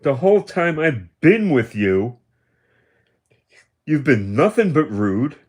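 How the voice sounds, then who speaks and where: Taking his time, the septuagenarian host rants on his livestream in a medium-pitched, slightly mellow voice with big pitch swings. It's a confrontational tirade of taunts and accusations, with plenty of repetition.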